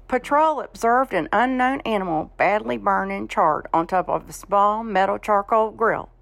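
A woman reading news stories on a radio show in a matter-of-fact, steady way. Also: on the high side, gravelly, no room sound.

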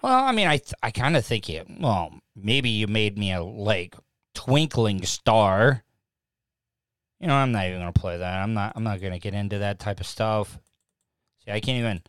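With a fairly low, fairly bright voice, this man speaks animatedly at a moderate pace, and the sound is smooth with no room sound. He hosts a laid-back live podcast from his lamp-lit home studio through a desk mic and mixing board, rambling, self-deprecating, and frequently repeating himself.

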